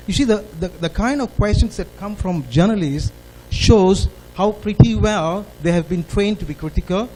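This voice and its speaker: A man with a Malaysian English accent stands at a forum microphone and pushes his questions with earnest emphasis. His voice sits a little higher than most men's. Faint room noise hums behind him. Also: animated, moderate pace, a little mellow, poor audio. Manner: earnest, emphatic, rising to stress points. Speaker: audience member asking a question.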